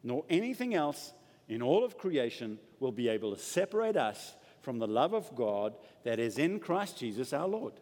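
A man preaching a sermon to a congregation in an emphatic, animated way. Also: medium pitch, moderate pace. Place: church hall with an audience. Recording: long hall reverb.

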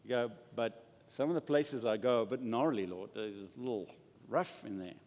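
A man preaching a sermon and praying aloud, moving from loud declarations to hushed, intimate lines. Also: medium pitch, normal speed. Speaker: pastor. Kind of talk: sermon with prayer. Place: church. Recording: church hall with long reverb.

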